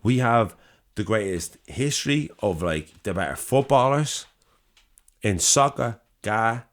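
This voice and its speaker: Deep-voiced Dublin man arguing emphatically. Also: expressive, measured pace. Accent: Dublin Irish. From Dublin, Ireland. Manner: emphatic, sweary, piles up repeated phrases. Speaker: podcast co-host. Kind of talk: casual debate over drinks.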